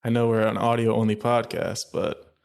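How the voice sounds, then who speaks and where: A man's voice: lowish voice, normal speed, creaky, darkish tone. A man co-hosting a film podcast in casual chat, with dry, punning humor. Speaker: podcast co-host.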